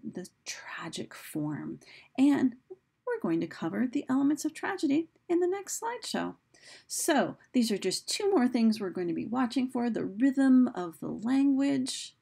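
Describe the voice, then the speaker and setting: A woman teacher talks through a recorded lesson in an easygoing, explanatory way, stopping to restart her sentences now and then. Her voice is mellow and warm, with a gravelly edge and a slightly husky texture. When she reads quoted lines, she gives them dramatic emphasis. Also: medium pitch. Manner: casual, explanatory, with fillers and restarts.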